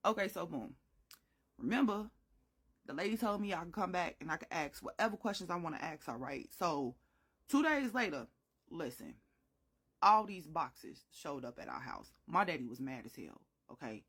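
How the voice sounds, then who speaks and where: An animated young woman tells a storytime vlog, swinging her pitch all over the place. Her voice is bright and sharp with a husky edge, and she talks in a dramatic, slangy way. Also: normal speed. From Chicago.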